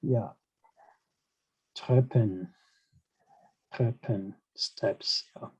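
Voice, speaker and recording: Slow, hesitant male language teacher. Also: on the low side, a little mellow, husky, low-quality recording. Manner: hesitant, many fillers and "you know"; asks learners questions, encouraging. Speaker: German teacher. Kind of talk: online language lesson.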